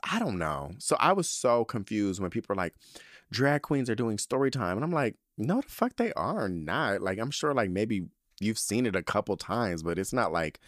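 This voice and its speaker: With a fairly low voice at a moderate pace, this thirty-something man hosts a podcast and spins a casual story on his own. The clean, dry studio recording captures his campy, animated drag-queen sass, laced heavily with swearing.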